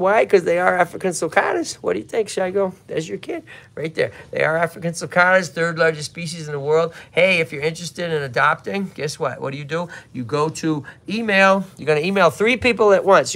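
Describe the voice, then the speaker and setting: A man from Lowell with a Massachusetts accent, hosting a casual livestream outdoors and chatting eagerly with viewers and his animals. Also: a little fast, gravelly, a bit bright. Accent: Boston-area Massachusetts. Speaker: tortoise sanctuary host. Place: outdoors at a tortoise yard. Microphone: handheld phone camera, filming himself.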